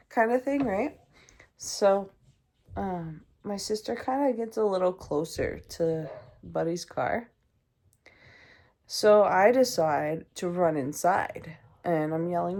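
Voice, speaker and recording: A woman's voice: on the low side, a little slow, darkish tone. A young adult woman hosting a podcast, telling a personal story in a casual, chatty way with many ums and acted-out voices. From Canada. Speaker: podcast host.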